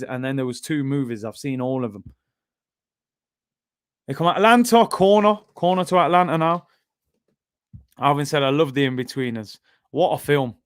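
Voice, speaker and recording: A young man hosting a live football watchalong, bantering with chat and reacting loudly to the game. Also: on the high side, dry recording, clean studio sound. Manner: banter-heavy, erupts into shouting at goals. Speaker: watchalong host.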